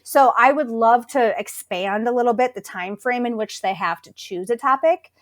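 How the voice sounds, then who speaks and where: A woman school librarian talking through a classroom lesson in a relaxed interview, thoughtful and enthusiastic. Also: a little high, normal speed. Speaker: school librarian, podcast guest. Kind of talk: conversational interview.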